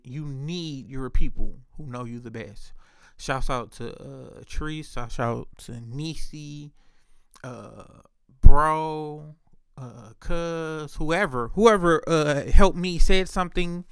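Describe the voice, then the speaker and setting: A man speaks in a loose, candid monologue, swearing freely and leaning on fillers as he tells his stories. His voice sits a little high for a man. The sound is dry, with no room echo. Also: slow, a bit bright, clear, resonant tone. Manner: candid, profane storytelling with many fillers. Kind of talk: casual monologue.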